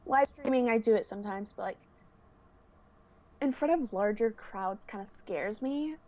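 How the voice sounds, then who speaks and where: On a video call, a young woman who's a singer chats casually as a guest. Her voice is a little high with a dark tone and a moderate pace, and she giggles a lot and keeps saying "like."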